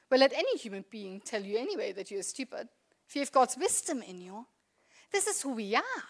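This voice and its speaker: A woman's voice: on the high side, big pitch swings, fairly quick, a bit bright. A woman in her thirties preaching a sermon in a conversational, earnest way, asking the congregation rhetorical questions. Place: church.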